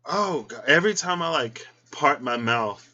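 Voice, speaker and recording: In his casual tarot-reading vlog, this man gets visibly emotional and choked up, squealing high-pitched quotes of how he reacted. He speaks a little slowly and expressively with a sharp tone, over dull audio.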